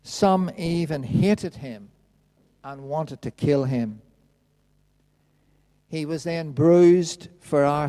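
A man preaching a sermon, reading a Bible passage aloud in a slow, measured way. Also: a little high, warm tone. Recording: long reverb of a hall.

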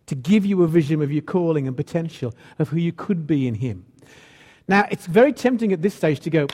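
A man's voice: a little high, darkish tone. A man preaching a sermon in a church, earnest and building to emphatic repeated lines. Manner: earnest, rising to emphatic repetition. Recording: long hall reverb.

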